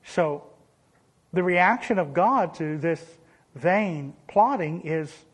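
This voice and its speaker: A pastor preaching a sermon, with sudden emphatic rises and dry sarcastic asides. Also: male voice, on the high side, slow pace.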